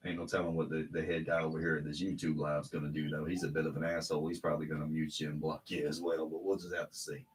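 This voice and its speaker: A man's voice: a bass voice, little pitch movement, fast, few pauses, a little hiss or hum. A man co-hosting a live podcast in casual banter, cracking crude jokes and laughing at them. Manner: joking, laughs at his own jokes. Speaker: podcast co-host.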